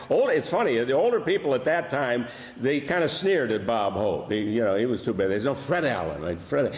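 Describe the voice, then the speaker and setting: An older comedian with a Buffalo accent, originally from Buffalo, New York, tells wry, funny stories that end in dry punchlines. His mid-range voice is expressive and moves at a moderate pace. The setting is a large church hall, so the sound is echoey with long reverb.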